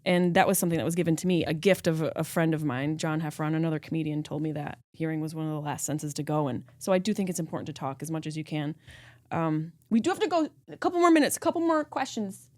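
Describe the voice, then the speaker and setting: Lower-voiced woman host, dry close sound. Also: fast talker, a little mellow, dry recording. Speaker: podcast host, comedian. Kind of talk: casual interview chat.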